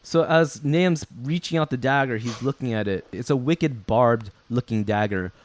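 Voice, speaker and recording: A man's voice: medium pitch, normal speed. A man narrating a tabletop game as game master, explaining rules and describing scenes with frequent ums.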